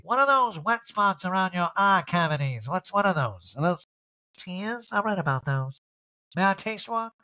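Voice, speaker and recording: Man doing a cold woman, flatly puzzled, mock-curious, fairly high. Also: normal speed, dry recording, rough recording.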